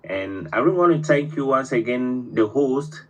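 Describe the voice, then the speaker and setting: A man's voice: medium pitch, lively intonation, moderate pace, fairly bright tone, poor audio. A man from Ghana, calling in with a fervent, speech-like plea. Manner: fervent, builds to oratory. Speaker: caller. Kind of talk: impassioned call-in speech.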